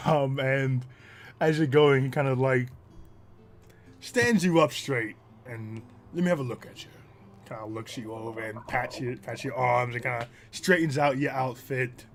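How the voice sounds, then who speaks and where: A man's voice: medium pitch, unhurried, gravelly, faint music behind. A man narrating a tabletop role-playing game as game master, casual with many fillers.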